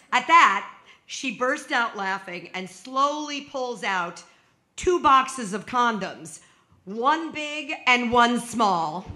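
A woman's voice: fairly high pitch, pushed and bright. A woman in her sixties telling a true personal story on stage, with wry comic timing and emphatic punchlines.

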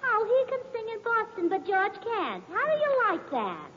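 Chirpy high-voiced scatterbrained woman. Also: huge pitch swings, normal speed, a bit bright, a little hiss or hum. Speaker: comedienne in a radio sitcom. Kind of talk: 1940s radio comedy acting. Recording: dull lo-fi 1940s radio recording in a hall.

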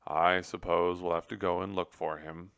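A man reading aloud and voicing a placid, comfortable male mouse husband who speaks calmly and steadily. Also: deep voice, normal speed, clean tone, dry recording. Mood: firm. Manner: calm and steady, mildly firm.

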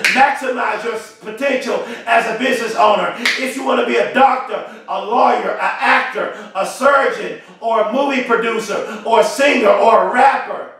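Man, motivational speaker, very high voice, punchy repetitive delivery, heard from far off in a booming echo. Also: noisy background. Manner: emphatic, repetitive, preacher-like delivery. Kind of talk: motivational speech. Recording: very echoey, from far off the mic.

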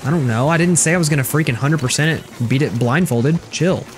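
A man's voice: a little high, fairly quick, a little hiss or hum. Chatty sarcastic young man streaming games. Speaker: game streamer. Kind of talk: casual gameplay commentary reading chat.

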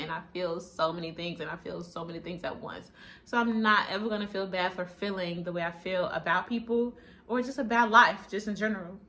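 A woman in her twenties talking casually to camera in a vlog, sassy and blunt, with plenty of swearing. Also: mid-range voice. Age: 20s. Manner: sassy, blunt, profane, animated. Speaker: vlogger.

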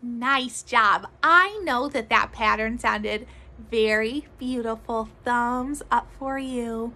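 A woman music teacher leading a children's recorder lesson, speaking gently in a sing-song way and sometimes dropping to soft whispers. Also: a little high, slow pace, rough recording. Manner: drops to soft whispers to demonstrate.

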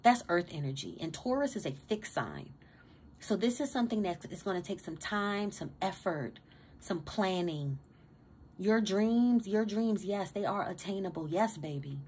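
A woman gives a tarot reading straight to her viewers in a mid-pitched voice. She talks with loud, streetwise emphasis, swearing freely and stumbling over repeated words. It comes across as a preachy pep talk, with a faint hiss under the voice. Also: expressive, measured pace. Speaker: tarot reader. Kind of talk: casual tarot reading to camera.

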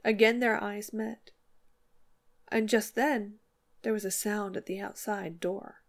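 A woman narrating a classic short story as an audiobook, in a measured, expressive reading. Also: medium pitch. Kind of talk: scripted narration.

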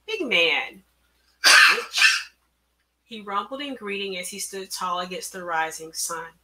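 A woman author reading her own story aloud, measured and careful, at an online event through a computer mic. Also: mid-range voice, pushed and bright. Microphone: computer mic on a video call.

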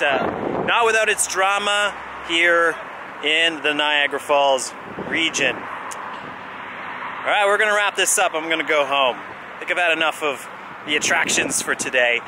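A man casually talking to camera as a travel vlogger at a train station, upbeat and chatty with his viewers. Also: on the high side. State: out of breath. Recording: outdoor noise, camera mic.

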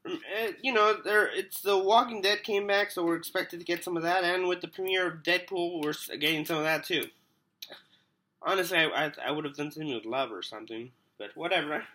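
A man talks casually to camera while sick with a cold, with a bright, cutting edge to his voice. He rambles in a loopy way, loses his train of thought and hums to himself between remarks. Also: a little high, a little hiss or hum. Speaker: vlogger. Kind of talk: casual unboxing vlog.

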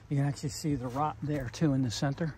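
A man's voice: mid-range voice, steady tone, fast talker, darkish tone, a little hiss or hum. A man on a volunteer trail crew chatting casually as he explains a cut log and its rot, recorded outdoors on a forest trail. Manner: explains measurements and wood rot plainly. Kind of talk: casual chat while working.

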